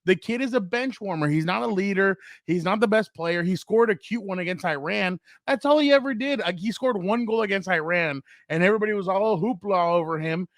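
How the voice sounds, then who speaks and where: High-voiced man telling animated stories. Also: brisk, hardly any pauses, no room sound, clean studio sound. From United States. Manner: animated storyteller acting out quotes. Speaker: co-host. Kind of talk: casual sports chat.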